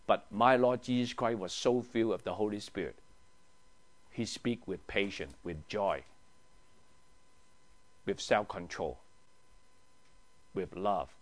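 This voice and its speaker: Animated pastor, questioning his class. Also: on the low side, takes it slowly, pauses often. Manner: animated, asks the group questions, drops to a hushed tone for emphasis. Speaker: pastor leading a Bible study. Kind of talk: teaching sermon.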